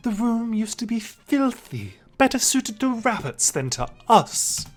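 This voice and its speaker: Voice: mid-range voice, big pitch swings, a little slow, faint music behind, pitched above the performer's own voice. A gamer putting on a snooty noble pigeon in a bad British accent. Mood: disdainful. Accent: bad fake British accent. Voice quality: haughty, clipped and affected. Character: pompous aristocratic male pigeon student council president. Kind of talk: reading a visual novel aloud.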